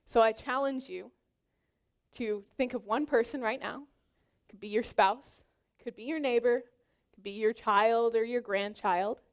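Young woman preacher, slightly high voice, earnest and exhorting, sermon delivery. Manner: earnest, exhorting, personal anecdotes. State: pregnant.

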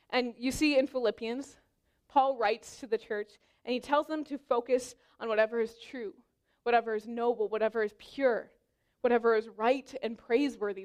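A young pregnant woman preaching an earnest, exhorting sermon that mixes scripture with personal stories. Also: fairly high pitch.

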